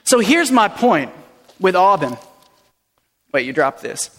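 A man with a high-pitched voice preaching a sermon from the front of a church, his words ringing through a long, reverberant hall. He keeps it playful and conversational, dropping in warm-hearted asides as he teaches. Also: very animated, slow pace. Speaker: pastor. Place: church sanctuary.

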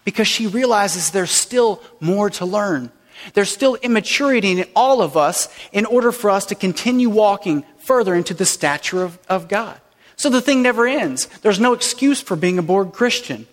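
In a church sanctuary whose long hall carries plenty of reverb, a pastor with a high voice preaches at a normal speed. His animated teaching stays playful and conversational, sprinkled with warm-hearted asides.

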